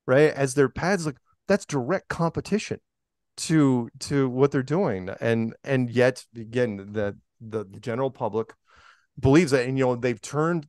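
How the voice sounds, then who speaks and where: A man's voice: medium pitch, darkish tone, dry recording, studio quality. A man talking as a podcast guest in a rambling way, full of fillers and restarts. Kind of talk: casual interview talk.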